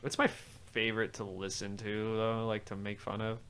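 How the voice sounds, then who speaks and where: A man's voice: lowish voice, flat delivery, normal speed, fairly bright tone, a little hiss or hum. A man hosting a casual music podcast, trading sarcastic, mocking banter about an album. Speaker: podcast host. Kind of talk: casual music commentary chat.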